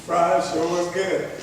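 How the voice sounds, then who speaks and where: A middle-aged man preaching a sermon in a folksy way, laughing often and checking that his listeners follow him. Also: high-pitched. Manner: folksy, laughs often, keeps asking the crowd if they follow. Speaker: traveling preacher. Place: church sanctuary. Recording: echoey church hall, mic far off, faint hiss.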